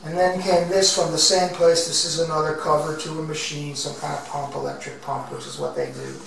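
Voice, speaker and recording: Man, artist, rambling, reflective, halting, far from mic, faint background noise. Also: a little high, lively intonation, gravelly, fairly bright tone, very echoey. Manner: rambling and reflective, with pauses and restarts. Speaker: found-object artist. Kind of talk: casual talk about his own artworks.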